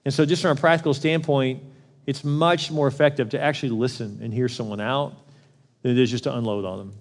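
A man's voice: mid-range voice, fairly even intonation, fairly quick, in a large hall. A middle-aged man preaching a sermon as pastor, conversational and often acting out quoted voices.

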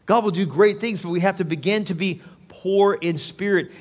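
A man's voice: high voice, moderate pace, long reverb tail. A male pastor preaching a sermon in an earnest, repetitive way, acting out quotes as he goes.

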